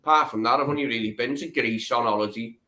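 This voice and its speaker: A man's voice: medium pitch, fast, bright, forceful tone. A man, chatting casually and agreeably on a live stream. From Liverpool, England.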